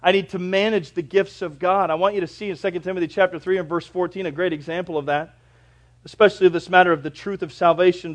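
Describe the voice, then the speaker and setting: A middle-aged pastor preaches with a classic sermon cadence, moving from loud, emphatic statements to quiet, low dips and reading scripture at a slow, drawn-out pace. His intonation stays fairly even overall.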